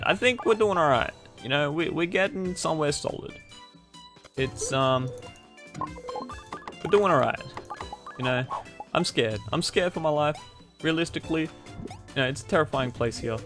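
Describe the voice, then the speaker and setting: Guy doing a silly lets play, cracking jokes at the chat, some game music faint behind. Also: medium pitch. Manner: goofy, joking, talks to viewers. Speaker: gaming YouTuber. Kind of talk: casual let's-play commentary.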